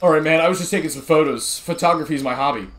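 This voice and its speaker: A man's voice: on the high side, very fast, fairly bright tone, lightly acted. A man reading a young trash collector's game lines in a laid-back, dismissive way. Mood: casual.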